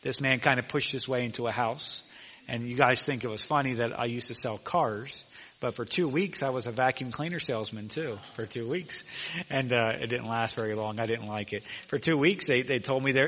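Bright-voiced preaching man in a hall. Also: mid-range voice, a little hiss or hum. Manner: emphatic preaching, slows down to read scripture. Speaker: pastor. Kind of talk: sermon. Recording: long reverb of a large hall.

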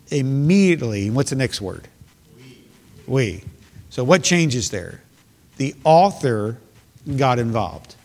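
A man preaching a sermon as pastor, earnest and emphatic, repeating key phrases for stress. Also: mid-range voice. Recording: long hall reverb.

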